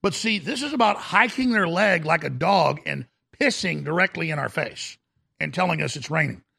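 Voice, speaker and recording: A man's voice: fairly high pitch, lively intonation, moderate pace, creaky, sharp tone, breathy edge. A man hosting a talk radio show, delivering an indignant, mocking rant. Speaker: radio host.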